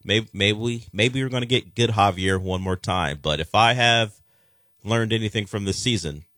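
A man's voice: fairly low pitch, moderate pace, fairly bright tone, no room sound, studio quality. A man hosting a sports talk radio show, chatting casually and rambling with frequent restarts.

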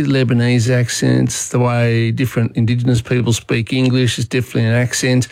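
A man's voice: medium pitch, no room sound. A man with an Australian accent hosting talkback radio, chatting in a conversational way and thinking aloud with fillers.

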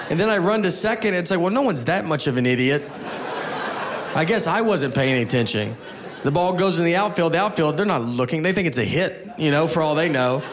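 A man performing a stand-up comedy set, telling self-mocking stories in a laid-back way. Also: high voice. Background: audience laughter.

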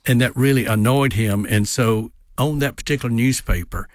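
A man's voice: mid-range voice, moderate pace, no room sound, clean studio sound. A man, a guest and author on a radio interview, tells history anecdotes with frequent uh's and um's. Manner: anecdotal storyteller with frequent fillers. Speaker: guest, tourism director and author.

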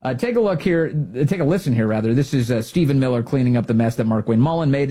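A man hosting a talk show, giving opinionated political commentary in an animated, sarcastic way. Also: mid-range voice, fast talker, few pauses. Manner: animated, sarcastic, mocking others in put-on voices.

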